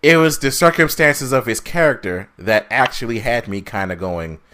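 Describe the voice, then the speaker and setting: Reviewing a film as a podcast co-host, he rants casually, swears freely and keeps adding mocking asides. His medium-pitched voice is pushed and bright, moving at a normal speed.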